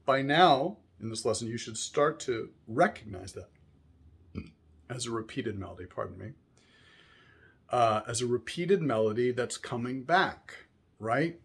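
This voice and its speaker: A man's voice: mid-range voice, lively intonation, measured pace, gravelly, long pauses, slightly rough. A man teaching a music lesson, explaining patiently and often checking in with "right?", singing short examples between explanations.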